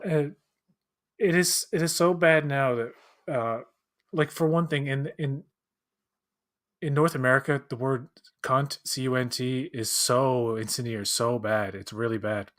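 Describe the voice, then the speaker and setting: Casual male co-host, mid-range pitch, rambles and restarts a lot. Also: fairly even intonation, unhurried, a bit bright. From Canada. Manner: rambling, many restarts and fillers, acts out quoted voices. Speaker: watch-along co-host. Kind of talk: casual chat.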